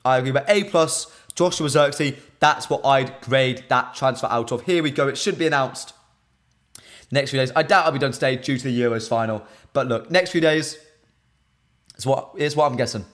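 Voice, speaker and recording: A young British man hosting a live stream, chatting casually and answering viewers' comments in lively banter. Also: mid-range voice, moderate pace. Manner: animated, reads chat comments aloud and banters with viewers.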